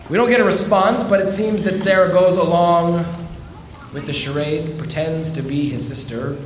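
A rabbi with a somewhat higher-pitched voice delivers a storytelling sermon, leaning on dramatic pauses. His voice carries with a roomy echo, and a faint ambient hum sits in the background.

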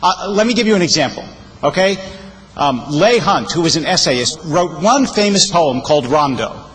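A male rabbi preaches with a high, animated voice that rises and falls as he leans into key words. He recites verse with feeling and explains it warmly to his congregation. His voice rings out with a long reverb, as if in a large sanctuary. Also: normal speed. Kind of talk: sermon.

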